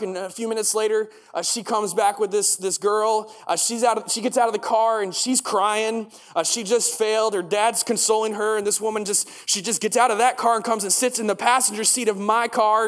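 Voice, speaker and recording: A man's voice: sits high, fairly even intonation, brisk, few pauses, fairly bright tone. A young man preaching a sermon, telling a story in a conversational way and asking the congregation questions. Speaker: pastor. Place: church. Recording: long church hall reverb.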